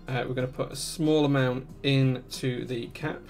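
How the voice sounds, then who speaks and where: A man's voice: mid-range voice, steady tone, normal speed, darkish tone, soft background music. A man, hosting a live stream where he walks through a build step by step and answers chat. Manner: methodical step-by-step explaining, reading chat aloud.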